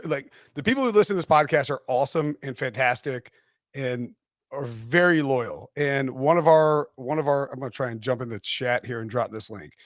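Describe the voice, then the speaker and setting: A man from North Carolina hosting a sports podcast, rambling and animated with frequent restarts. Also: mid-range voice, no room sound, clean studio sound. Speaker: podcast host. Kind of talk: casual sports podcast chat.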